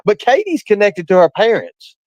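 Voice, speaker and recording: A man's voice: sits high, very animated, moderate pace, darkish tone, no room sound, muffled recording. A man, calling into a live stream and ranting bluntly and defensively with plenty of cursing. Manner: blunt, profane, defensive, repeats himself for emphasis. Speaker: guest caller on a live stream. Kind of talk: ranting casual chat.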